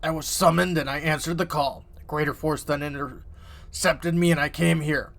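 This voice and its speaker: A man voicing a towering, scheming male demon in a game, reading its lines slowly and grandly. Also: fairly high pitch, steady tone, vocal fry, a bit bright. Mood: menacing. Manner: slow, measured, grandiose delivery. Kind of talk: game dialogue read aloud.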